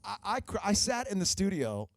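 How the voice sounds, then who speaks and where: A man's voice: sits high, very animated, normal speed, gravelly, no room sound. A man hosting a casual radio interview, heartfelt and talkative. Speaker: radio host.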